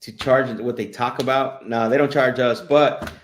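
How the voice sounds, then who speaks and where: A man hosting a live streamed show, chatting casually and energetically, calling out shout-outs with lots of fillers. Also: medium pitch, fairly even intonation, moderate pace, a little hiss or hum.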